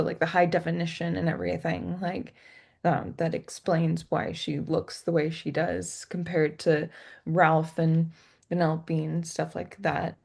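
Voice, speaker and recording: A woman's voice: sits low, vocal fry, a little mellow, breathy edge. A young woman co-hosting a casual movie chat, bubbly and full of fillers. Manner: bubbly, lots of fillers and laughs. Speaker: co-host.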